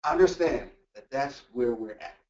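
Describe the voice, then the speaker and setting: A man presenting a motivational workplace talk, animated and full of rhetorical questions. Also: medium pitch, a little slow. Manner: animated, acts out quoted voices and asks rhetorical questions. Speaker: workshop presenter. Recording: echoey room, distant mic, dull lo-fi sound.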